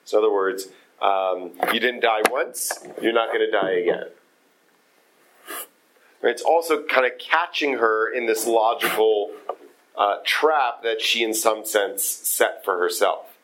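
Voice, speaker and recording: A man leading a text study group, explaining in a halting way with many fillers and restarts. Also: on the low side, fairly bright tone, low-quality recording. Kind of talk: casual text study discussion.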